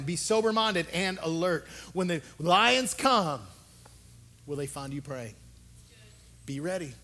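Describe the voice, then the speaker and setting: A male pastor delivering a sermon with real passion. He drops to quiet, low asides, then climbs to loud, urgent calls. His voice sits somewhat high for a man. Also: sing-song, unhurried, pauses often. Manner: impassioned, swings from hushed low talk to loud urgent exhortation.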